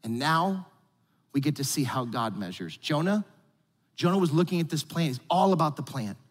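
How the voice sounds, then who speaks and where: High-voiced man preaching casually in a hall. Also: moderate pace. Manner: casual, animated preaching with slang asides. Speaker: pastor. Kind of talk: sermon.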